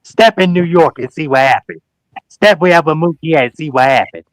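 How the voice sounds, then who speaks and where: In heated call-out talk as a livestream talk show guest, a man with a somewhat high voice speaks fairly quickly. He is emphatic and preachy, repeats phrases, addresses people directly, and uses slang and mock quotes in animated storytelling. The recording is dry and close, without echo.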